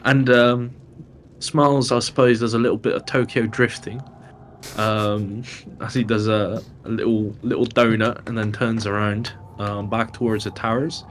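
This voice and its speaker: A man's voice: fairly low pitch, level tone, normal speed, slight background noise. A man playing in a tabletop game, describing his actions hesitantly with many ums. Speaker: player. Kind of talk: casual tabletop chat.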